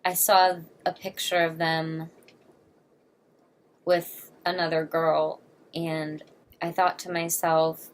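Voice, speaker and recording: A woman's voice: deep voice, little pitch movement, takes it slowly, long pauses. A woman in her twenties talking earnestly and candidly to camera in a personal confessional vlog, emotional and blunt. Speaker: vlogger.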